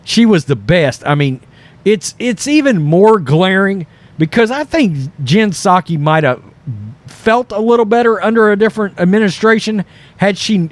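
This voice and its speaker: Animated high-voiced man commenting. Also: no room sound. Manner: animated, mocking, mimics voices in quotes. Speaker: commentary host. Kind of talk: political commentary over clips.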